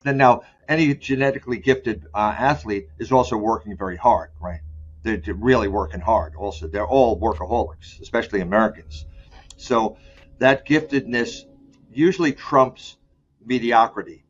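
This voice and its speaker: A man being interviewed as a sport psychologist, talking candidly and loosely, often restarting his sentences and slowing down to stress key words. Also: on the low side, slightly rough. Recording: dull lo-fi sound.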